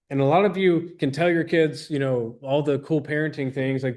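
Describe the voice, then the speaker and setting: A man's voice: a little high, steady tone, a little fast, few pauses, darkish tone. A man in his thirties, a business trainer giving an earnest, rambling motivational talk to an audience, full of restarts and acted-out quotes.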